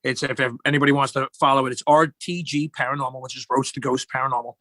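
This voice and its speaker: A man's voice: mid-range voice, level tone, fast, pushed and bright, dry recording. A middle-aged man, a guest in casual chat, telling rambling joking stories.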